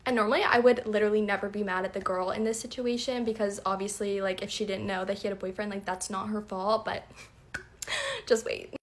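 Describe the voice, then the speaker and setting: A woman's voice: medium pitch, animated, brisk. A young woman and nursing student telling a storytime in a chatty, amused, conversational way. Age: young adult. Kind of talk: casual storytime.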